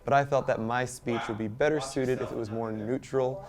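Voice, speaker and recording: A man's voice: medium pitch, fairly even intonation, moderate pace, a crowd in the background. A male speech pathologist from Long Island, speaking with careful, precise diction in an interview. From Long Island, New York.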